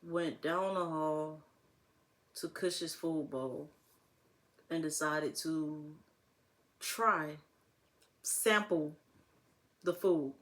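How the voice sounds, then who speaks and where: A woman's voice: low-pitched, drawn-out words, pauses often, fairly bright tone. A young woman talking casually to camera as a vlogger, rambling and laughing often.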